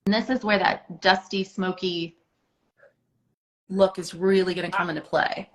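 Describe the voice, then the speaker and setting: A woman's voice: lowish voice, steady tone, unhurried, poor audio. Woman coaching a makeup lesson. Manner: encouraging, hands-on coaching with filler words. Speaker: makeup instructor. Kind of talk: instructional makeup tutorial.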